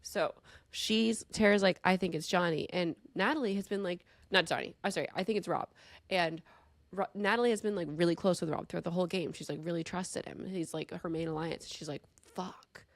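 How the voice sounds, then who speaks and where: Woman podcast host, animated and swearing, casual chat, dry close sound. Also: on the low side, brisk, no room sound. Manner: emphatic, swears often, animated retelling.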